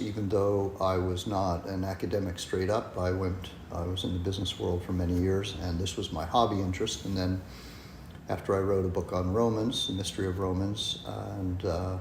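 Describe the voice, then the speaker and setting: A man being interviewed as a guest scholar, speaking in a measured, hesitant way with many pauses and ums. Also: fairly low pitch, darkish tone. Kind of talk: podcast interview. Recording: echoey room with faint noise.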